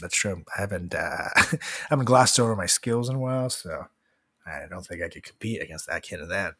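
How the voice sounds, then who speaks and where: A man's voice: deep voice, animated, a little fast, bright, forceful tone, slightly rough. A young man co-hosting a podcast, chatting casually with crude jokes and many fillers. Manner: crude, joking, lots of fillers. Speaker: podcast co-host.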